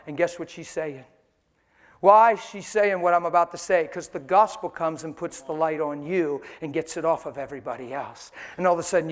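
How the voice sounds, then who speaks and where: Male preacher, high voice, animated storytelling sermon style. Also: big-room sound. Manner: animated storytelling, laughs often.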